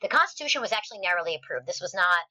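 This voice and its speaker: A woman teaching a history lesson over slides in a recorded video, chatty and animated, with playful asides. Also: on the low side, rapid-fire, rough recording.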